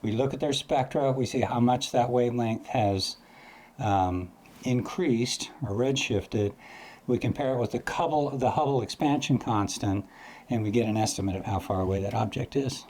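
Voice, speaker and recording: A medium-pitched man with a darkish tone explains astrophotography at a moderate pace, with slight hiss or hum in the background. The lesson is informal and chatty, and he occasionally mimics sounds for emphasis.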